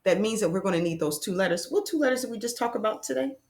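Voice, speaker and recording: Animated woman teaching phonics. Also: mid-range voice, rapid-fire. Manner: animated, exaggerated sounding-out of letters. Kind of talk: children's phonics lesson.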